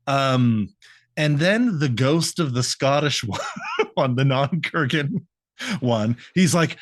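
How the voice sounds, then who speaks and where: A man's voice: mid-range voice, lively intonation, takes it slowly, no echo, studio quality. A man co-hosting a podcast, recapping a cartoon episode in a rambling, laughing way, swearing and acting out lines. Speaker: podcast co-host.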